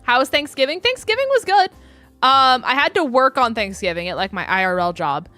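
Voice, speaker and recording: A woman's voice: high-pitched, expressive, brisk, sharp tone, no echo, faint music behind. A young adult woman chatting casually with her live-stream audience, rambling with many ums and likes.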